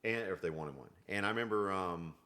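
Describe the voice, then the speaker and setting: A man's voice: deep voice, fast. A man, a country singer guest telling stories in a casual podcast chat and acting out what people said. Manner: animated storyteller, acts out quoted exchanges.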